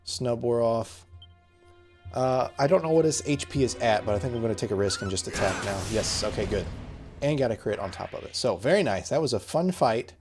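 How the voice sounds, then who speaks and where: Relaxed male game commentator. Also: mid-range voice, a little fast, faint music behind. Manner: relaxed, chatty. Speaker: gamer.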